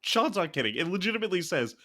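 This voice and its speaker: A man's voice: high-pitched, sing-song, very fast, fairly bright tone. A man co-hosting a casual movie-review podcast, mocking a film in a rambling, sarcastic way with lots of fillers. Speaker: podcast co-host.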